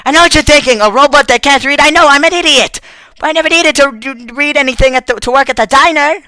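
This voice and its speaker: A man's voice: high-pitched, animated, measured pace, bright, forceful tone, no room sound, studio quality, pitched above the performer's own voice, exaggerated voice. A man voicing a childish, cocky girl robot waitress who squeals and stammers, dubbing a game. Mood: excited. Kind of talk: let's play voice dubbing. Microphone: close desktop mic.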